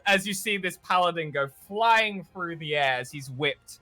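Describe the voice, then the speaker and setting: A man's voice: a little high, moderate pace, few pauses, raised voice, very noisy. A young man narrating as dungeon master, filling the scenes with ums and uhs. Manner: many ums and uhs, lively scene-setting. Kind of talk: tabletop game narration.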